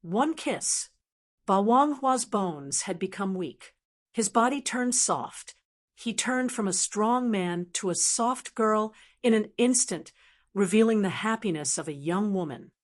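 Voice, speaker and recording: A woman's voice: mid-range voice, lively intonation, a little slow. Woman narrating a fantasy audiobook. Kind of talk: scripted narration.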